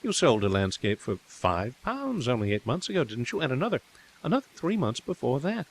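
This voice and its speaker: A man reading a quick-tempered young woman artist who taunts sharply and then turns tearful. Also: mid-range voice, big pitch swings, voice pushed up. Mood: cutting. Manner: teasing, then tearful self-reproach.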